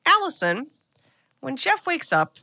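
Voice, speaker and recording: A woman's voice: sits high, huge pitch swings, a little slow, creaky, sharp tone, no echo, clean studio sound. A woman co-hosting a podcast, retelling a movie plot in casual, chatty talk full of "like" and the odd swear word. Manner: chatty, frequent "like", swears freely. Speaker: podcast co-host. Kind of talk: casual film recap chat.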